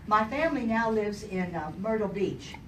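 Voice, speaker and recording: An older woman gives her retirement farewell speech in a large hall, a warm storyteller who jokes and chuckles with the audience. Her mid-range voice is animated and moves at a normal speed. Heard from far off in the echoey room, the recording carries crowd noise, chatter, and laughter.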